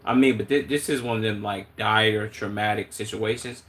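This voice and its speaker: Male streamer, Chicago accent, lowish voice, loose slangy commentary that thinks out loud. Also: moderate pace. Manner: relaxed, thinking aloud with slang and restarts. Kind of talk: casual live-stream commentary.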